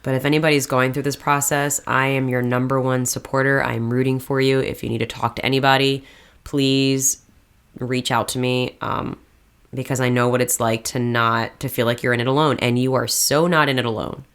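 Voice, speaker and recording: A woman's voice: very deep voice, little pitch movement, moderate pace, smooth. A woman in her thirties co-hosting a podcast, talking in an earnest, heartfelt way. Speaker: podcast co-host. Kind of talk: casual chat.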